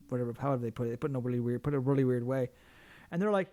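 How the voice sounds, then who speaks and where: A man's voice: a little high, rapid-fire, a little mellow. A man co-hosting a podcast, telling stories in a rambling, casual way, acting out what other people said, with many fillers and restarts. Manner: rambling storyteller, acts out quoted people, lots of fillers and restarts. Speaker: podcast co-host. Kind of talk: casual chat.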